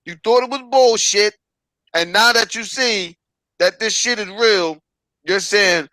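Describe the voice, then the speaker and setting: A man's voice: sits high, slow pace, pauses often, sharp tone, dry recording, rough recording. A man hosting a podcast, delivering a profane, preachy rant and repeating "stop it". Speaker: podcast host. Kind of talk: ranting podcast commentary.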